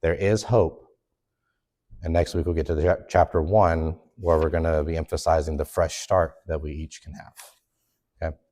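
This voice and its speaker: A man's voice: a bass voice, flat delivery, normal speed, mellow. A man teaching a Sunday school lesson in an earnest, conversational way. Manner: earnest, conversational, acts out quoted complaints.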